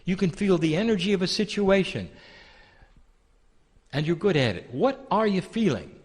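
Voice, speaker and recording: A man giving a channeled spiritual teaching, calling listeners "dear one" and asking rhetorical questions in a soft, deliberate way. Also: high voice, very animated, in a large hall.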